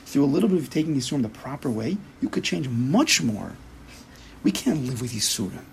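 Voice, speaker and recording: A man teaching a Torah class as a rabbi, speaking emphatically and acting out inner voices in quick quoted asides. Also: medium pitch, big pitch swings, vocal fry, a little hiss or hum, rough recording.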